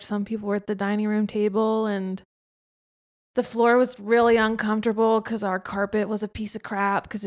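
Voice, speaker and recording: A young woman chats freely on her own podcast while her husband interviews her. She is expressive and talks in a loose, conversational way, with plenty of "like"s. Her voice sits at an ordinary middle pitch for a woman. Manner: chatty and expressive, frequent filler "like". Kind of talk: casual conversational chat.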